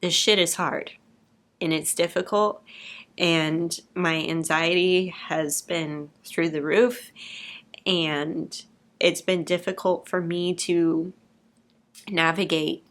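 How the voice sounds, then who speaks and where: Young woman vlogger, low-ish voice, frank and emotional, casual swearing, talks straight to camera. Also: fairly even intonation, slow pace, a bit bright. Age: young adult. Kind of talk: candid personal vlog.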